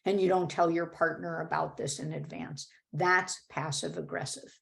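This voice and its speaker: Female webinar presenter, lowish voice with some fry, conversational teaching over a video call. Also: steady tone, normal speed. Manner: explanatory, conversational, with frequent "right?" and "uh". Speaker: workshop presenter. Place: home or office video call.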